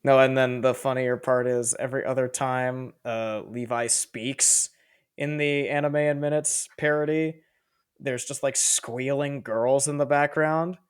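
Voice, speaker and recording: A man's voice: mid-range voice, a little slow, smooth. A man co-hosting a podcast in casual chat, animatedly retelling funny scenes and laughing as he goes. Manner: animated storyteller, laughing through recaps. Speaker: podcast co-host.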